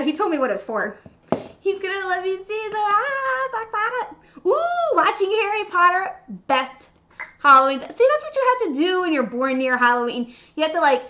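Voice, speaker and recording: A woman hosting a baking livestream, chatting casually and gushing with excitement. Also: high voice. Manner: bubbly, gushing, squealing with excitement. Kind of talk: casual live-stream chat while baking. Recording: dull lo-fi stream audio.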